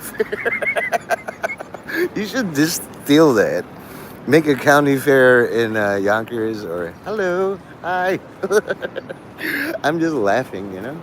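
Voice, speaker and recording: A man's voice: medium pitch, a little hiss or hum. A man hosting a casual livestream, rambling, laughing often and swearing freely. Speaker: livestream host.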